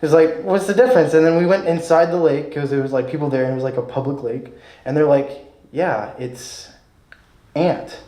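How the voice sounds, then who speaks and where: A man's voice: fairly high pitch, little pitch movement, fast talker, mellow, roomy sound. A man with a Kansas accent doing stand-up at an open mic, rambling and self-deprecating with lots of fillers. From Kansas, United States. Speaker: stand-up comic.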